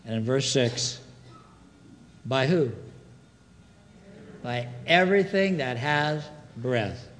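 Guy preaching in a church, animated up-and-down voice, quizzes the crowd, echoey big hall. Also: mid-range voice, slow, pauses often, slight background noise. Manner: expressive preaching, call-and-response questions to the congregation. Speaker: pastor. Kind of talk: sermon. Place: church sanctuary.

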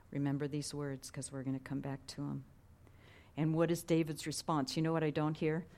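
Brief: middle-aged woman pastor, lower voice, chatty and earnest, goes quiet for weight. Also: steady tone, normal speed. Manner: conversational, earnest, drops to hushed tones for emphasis. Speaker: preacher. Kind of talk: sermon.

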